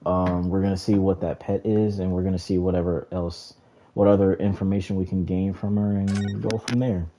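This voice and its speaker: A man's voice: low-pitched, flat delivery, normal speed, dark tone, slight background noise. A young man casually commenting on a detective game, rambling with lots of filler words. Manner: rambling, heavy use of "like". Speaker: let's play gamer.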